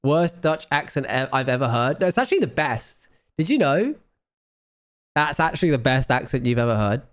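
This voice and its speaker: A man chatting casually on a live stream. He is ill and low on energy, and he rambles, trails off and mocks himself. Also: big pitch swings, normal speed. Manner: rambling, self-mocking, trailing off. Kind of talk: casual chat.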